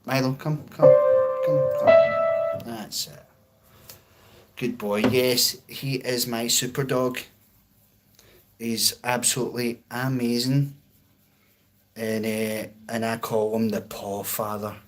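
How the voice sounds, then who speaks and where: Scottish guy chatting on his livestream, slow and easygoing, laughs a lot, faint music in the back. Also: medium pitch, steady tone. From Scotland. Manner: rambling, chuckly, answers viewer comments. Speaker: livestream host. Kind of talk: casual livestream chat.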